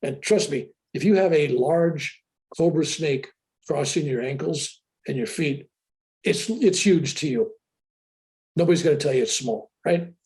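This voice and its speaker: An older man telling a story with animated excitement as an interview guest on a video call. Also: on the high side, a little slow. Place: room with a sheetrock wall.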